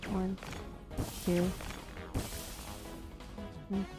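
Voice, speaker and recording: A medium-pitched woman speaks very slowly while streaming a video game as a VTuber, with faint game music beneath her voice. She chats casually and launches into animated, playfully overdramatic rants.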